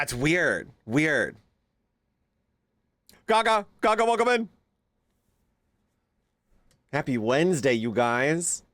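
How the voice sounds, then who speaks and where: Lively-voiced man chatting on a livestream. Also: on the high side, no echo. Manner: chatty, greets viewers by name, coos at his pet. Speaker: streamer. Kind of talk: casual livestream chat.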